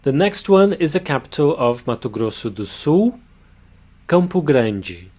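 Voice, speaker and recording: A man giving a pronunciation lesson, sounding out words slowly and carefully. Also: on the high side, sing-song, a little mellow. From Brazil. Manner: slow, careful demonstration of words. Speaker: language teacher.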